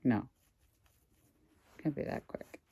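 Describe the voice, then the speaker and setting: A woman's voice: takes it slowly, warm tone, no echo. A woman reselling goods online, casually thinking aloud at home with wry asides to her viewers. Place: indoors at home.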